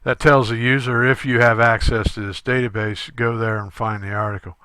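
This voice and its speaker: A male instructor talking through a screen-recorded tutorial step by step, halting often with fillers. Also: medium pitch, level tone, sharp tone, clear, resonant tone, dry recording.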